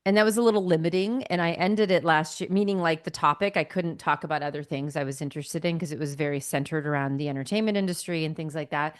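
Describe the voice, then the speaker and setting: A woman in her late forties from Northern California, a podcast guest and actress, telling stories in a chatty, animated way over a computer call. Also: low voice, fast, hardly any pauses, dry recording, clean studio sound. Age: late 40s. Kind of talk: casual conversation.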